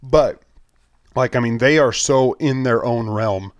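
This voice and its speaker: A man's voice: mid-range voice, measured pace, no echo, studio quality. A man co-hosting a fishing podcast, talking casually and making his point with hypotheticals and repeated lists. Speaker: podcast co-host. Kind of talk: casual chat.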